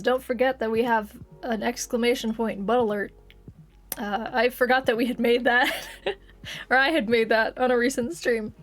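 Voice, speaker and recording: A young woman from Texas, talking casually to her stream chat and breaking into giggles often. Her voice sits a little high. Faint music plays underneath. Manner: chatty, giggly, laughs often.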